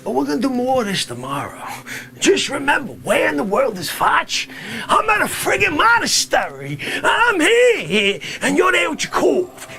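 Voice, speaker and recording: A man voicing a brash, grumbling middle-aged guy from the Bronx, rambling complaints and bursting into shouts. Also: very high-pitched, huge pitch swings, moderate pace, gravelly, pitched above the performer's own voice, heavily acted. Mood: shouting. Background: music.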